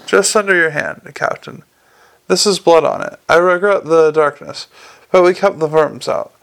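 A man's voice: on the high side, moderate pace, gravelly, a bit bright, smooth. A man voicing a guarded, formal male dwarf elder who speaks carefully and stiffly.

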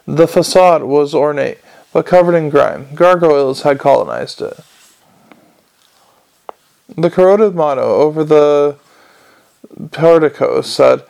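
A man's voice: a little high, slow pace, creaky, long pauses, a little mellow. A man reading a comic fantasy novel aloud as an audiobook narrator, telling it in a dry manner.

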